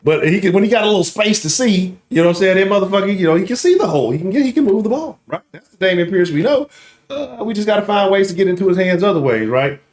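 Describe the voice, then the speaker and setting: A man's voice: high-pitched, expressive, fast talker. A man in his late thirties hosting a casual sports talk livestream, full of profane trash talk and always checking in with "right?". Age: late 30s. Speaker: sports talk show host.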